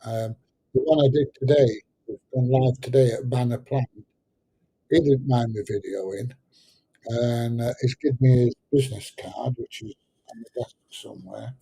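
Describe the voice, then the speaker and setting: A man's voice: medium pitch, steady tone, moderate pace, creaky, mellow, slightly rough, rough recording. A middle-aged man, hosting a casual livestream chat, rambling and hesitant with lots of fillers. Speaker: livestream host answering chat.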